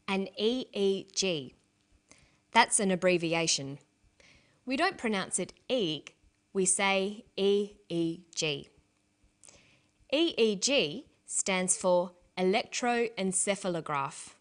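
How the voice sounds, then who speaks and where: A woman narrating an English lesson, speaking slowly and carefully and spelling out letters one by one. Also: medium pitch, fairly bright tone. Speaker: English teacher. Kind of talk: scripted language lesson narration.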